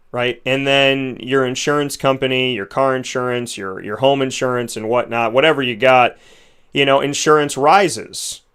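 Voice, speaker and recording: A man's voice: mid-range voice, fairly bright tone, clear, resonant tone. A male show host giving conversational opinion commentary, rambling and frustrated, and asking rhetorical questions.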